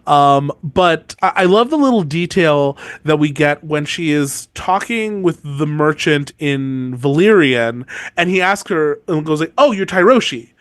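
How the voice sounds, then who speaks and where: A man's voice: on the high side, lively intonation, measured pace, few pauses, fairly bright tone, no echo. A man co-hosting a podcast, chatting casually about a book series, rambling with lots of fillers. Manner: rambling, many "like" fillers, mock outrage. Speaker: podcast co-host. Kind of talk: casual book-discussion chat.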